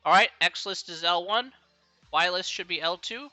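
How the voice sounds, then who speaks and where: A man's voice: sits high, normal speed, pushed and bright, dry recording, faint music behind. A man from the United States tutoring math on a live stream, chatty and encouraging, laughing often. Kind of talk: casual livestream tutoring chat.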